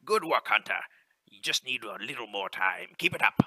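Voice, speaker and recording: A man's voice: lowish voice, sing-song, normal speed, husky, exaggerated voice. Man putting on a hearty folksy ship captain. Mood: encouraging. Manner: rustic folksy drawl, loud and hearty. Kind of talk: reading game dialogue aloud in character.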